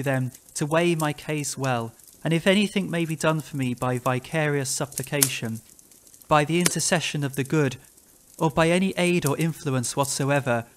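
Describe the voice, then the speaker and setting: A man's voice: high-pitched, fairly bright tone, pitched above the performer's own voice. A man voicing a haunted, terrified captain in a dramatic reading of a classic ghost story, pleading desperately and breaking into frantic cries. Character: haunted, terrified middle-aged male captain.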